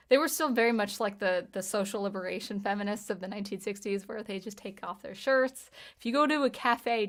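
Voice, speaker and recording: A woman in her thirties chatting casually on a livestream as she reads viewer comments, talking in a halting way with frequent restarts. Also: mid-range voice. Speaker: livestream host, music teacher and composer.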